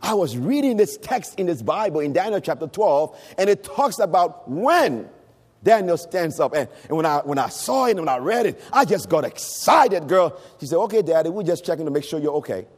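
High, lively preaching man in a church. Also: normal speed, breathy edge. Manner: preaching with shouts and sung rising phrases. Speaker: pastor. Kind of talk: sermon. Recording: long hall reverb.

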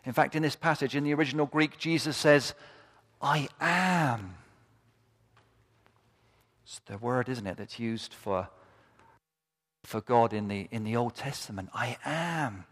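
A man's voice: mid-range voice, steady tone, moderate pace. A man preaching a sermon to his congregation, impassioned and building to fervent repeated cries. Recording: long reverb of a large hall.

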